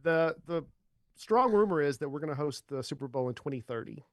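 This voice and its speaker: A man's voice: fairly high pitch, expressive, a little fast, no echo. A man who is a guest on a podcast, chatting in the studio and asking curious follow-up questions. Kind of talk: casual podcast chat.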